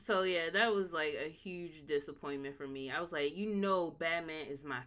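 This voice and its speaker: A woman's voice: deep voice, moderate pace, fairly bright tone, a little hiss or hum. A woman in casual chat reviewing a show, blunt and emphatic, repeating her points.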